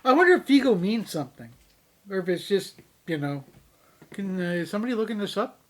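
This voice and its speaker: A man's voice: high voice, big pitch swings, brisk. A man from Canada co-hosting a casual beer review chat, playful and rambling, steering topics along with little asides. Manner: playful, rambling, says "anywho" to move on. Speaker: co-host of a beer review show.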